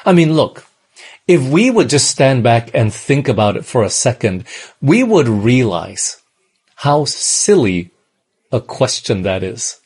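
Husky-voiced male preacher. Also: medium pitch, sing-song, slow pace, a little mellow. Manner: earnest, repeats phrases, asks the congregation rhetorical questions. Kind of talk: sermon.

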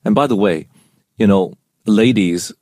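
A man's voice: fairly low pitch, unhurried, dark tone, no room sound, clean studio sound. A man co-hosting a casual Bible study show, explaining verses and asking his co-host questions.

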